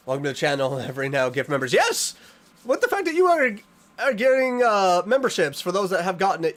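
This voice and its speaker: Animated man streaming a horror game. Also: on the high side. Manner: animated, playfully dramatic, reading and answering chat. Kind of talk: live game stream chatting with chat.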